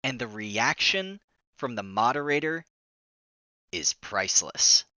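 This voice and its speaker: A man hosting a political commentary vlog, excitable and indignant, exclaiming often. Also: medium pitch, slow, no room sound, highs cut off.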